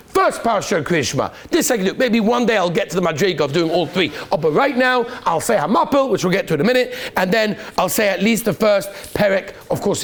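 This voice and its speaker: A man teaching a lively classroom lesson as a rabbi, quizzing students by name and praising their answers. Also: high voice.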